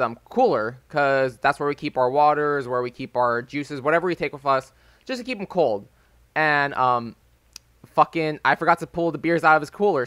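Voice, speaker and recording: In his early twenties, a gaming YouTuber wanders through a loose, chatty story while playing, packed with "like" and "um." His slightly high voice comes across bright and forward. The sound is close and dry from a desk microphone, with a phone as backup.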